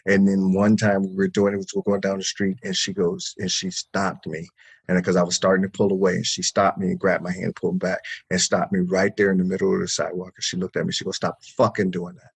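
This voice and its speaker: A man's voice: sits low, completely flat delivery, fast talker, creaky, slightly rough. A man, a therapist and podcast guest, telling a story in casual interview talk, emphatic, with many restarts, repeated words and swearing.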